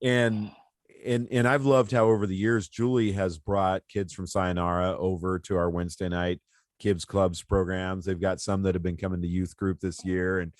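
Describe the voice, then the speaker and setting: A man hosting a church interview show, speaking in a halting way and repeating words as he starts his thoughts. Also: low-pitched, little pitch movement, dry recording, clean studio sound. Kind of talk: conversational interview.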